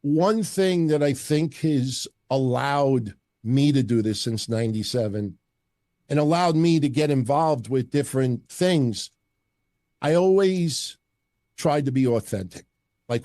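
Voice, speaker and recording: A man's voice: medium pitch, no room sound, clean studio sound. A middle-aged man, telling stories bluntly and profanely in a casual interview. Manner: blunt, profane, animated storyteller. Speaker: wrestling podcast host as guest.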